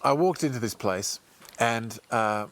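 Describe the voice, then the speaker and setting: A man telling a personal story in a monologue, often halting and repeating himself. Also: mid-range voice, a bit bright, a little hiss or hum. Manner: halting, repeats words and restarts sentences.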